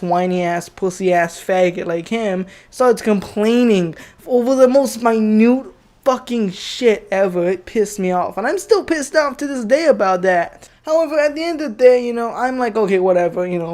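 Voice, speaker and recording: A man's voice: high-pitched, a little mellow. A young man telling a personal story as a profane, heated rant, rambling with many fillers. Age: young adult.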